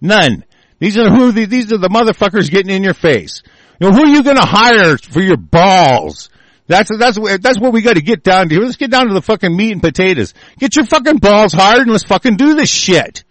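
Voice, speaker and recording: High-voiced guy ranting furious and swearing nonstop, dry close sound. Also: very animated, moderate pace, no room sound. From United States. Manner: furious, profane, shouting threats. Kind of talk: angry political rant.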